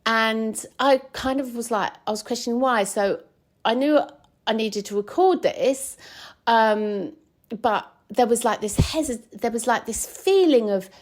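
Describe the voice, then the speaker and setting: A woman's voice: fairly high pitch, a little slow. A woman hosting her podcast, chatting casually and rambling with many fillers and restarts while travelling. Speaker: podcast host. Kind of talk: casual chat. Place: recorded on the road while travelling.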